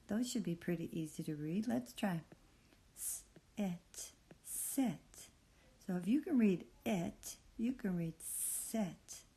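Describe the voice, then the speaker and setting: A woman teaching a phonics reading lesson, patiently sounding out words and praising the learner in a soft, encouraging way. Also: mid-range voice.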